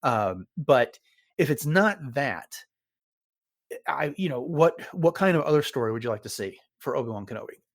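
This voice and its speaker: A man co-hosting a fan podcast, talking casually and with excitement, often pausing with fillers. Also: mid-range voice, no room sound, clean studio sound. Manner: enthusiastic fan, relaxed with fillers. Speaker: podcast co-host. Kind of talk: casual chat.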